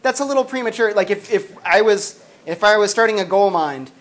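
Casual male university lecturer, filler-heavy and animated, in a classroom. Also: sits high, a little fast.

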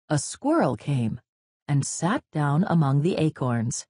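A woman reading a children's story aloud very slowly for young learners, with a husky voice. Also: low-pitched, big pitch swings, mellow, dry recording, clean studio sound. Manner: very slow, clearly paced for learners.

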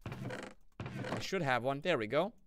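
Speaking slowly at a medium pitch, this young streamer clowns around with viewers while he plays, his live commentary playful and goofy, his energy excitable and changeable. A faint hiss or hum sits under the audio.

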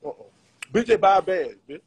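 A man's voice: high voice, lively intonation, fairly quick, breathy edge, low-quality recording. A man chatting casually with viewers on a live stream, slangy and laughing often. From Louisiana.

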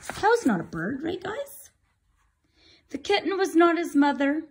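Slow-reading woman telling a kids' story. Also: extremely high pitch, big pitch swings, darkish tone. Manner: slow, chatty asides to listeners. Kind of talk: read-aloud storytelling for kids.

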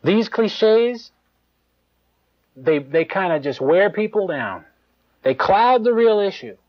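A man giving a live sermon in a conversational, animated way, with mocking asides and chuckles. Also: high-pitched, slow pace. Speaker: preacher. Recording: dull lo-fi live tape.

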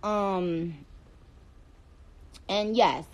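A woman's voice: medium pitch, big pitch swings, unhurried. A woman hosting a casual phone livestream, reading out viewer comments in a playful, chatty way and dropping in Spanish phrases.

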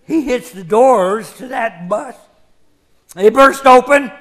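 A man's voice: very high-pitched, slow pace, fairly bright tone, heavily acted. A man on stage playing a rambling hundred-year-old backwoods man who cackles and retells the same yarn in old-timer slang. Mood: confused, excited. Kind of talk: one-man stage comedy.

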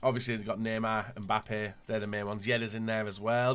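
A man giving gaming commentary as he opens packs, excitable, dropping to low muttering and then bursting into shouts. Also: brisk, clean tone, faint music behind. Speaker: gaming YouTuber. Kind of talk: pack-opening gaming commentary.

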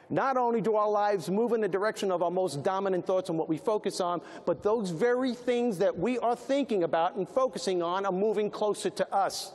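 Man, New York accent, emphatic keynote speaker, higher voice, long hall reverb. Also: a little mellow. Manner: emphatic, repetitive, punchy. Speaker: motivational speaker. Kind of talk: motivational keynote with comedy. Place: large hall.

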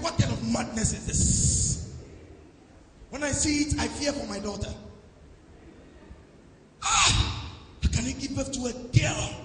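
A man from Nigeria preaching a sermon as pastor, questioning his congregation and answering back, shifting between shouted declarations and quiet asides. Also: very high voice. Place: large church hall. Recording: echoey hall with some background noise.

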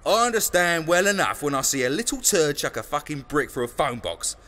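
A man as crude street cop, brusque, bright lively voice. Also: fairly high pitch, fairly quick, in a large hall. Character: foul-mouthed male street cop.

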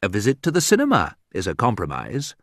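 A man reading a humorous graded reader aloud in a wry, deliberate storytelling manner, with a sudden lift in pitch for quoted remarks. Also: huge pitch swings, no room sound, studio quality. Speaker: audiobook narrator.

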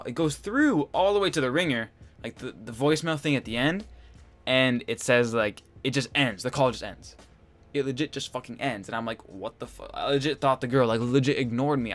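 A man's voice: medium pitch, a bit bright. Young guy ranting through a storytime. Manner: rambling, swears a lot, exasperated storytelling. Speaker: gaming channel host. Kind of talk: casual storytime over gameplay.

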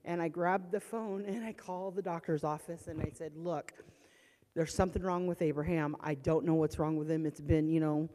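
A woman's voice: low voice, fairly even intonation, normal speed, dark tone. A woman sharing a personal testimony in church, retelling past panic with strong emotion. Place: church hall. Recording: long church hall reverb.

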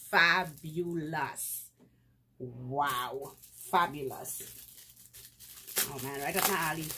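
Vlogger, woman, deep and unhurried, effusive chatter, laughs a lot, light background hiss. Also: fairly bright tone. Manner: effusive, repeats praise words, laughs often. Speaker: vlogger opening fan mail. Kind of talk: casual unboxing chat.

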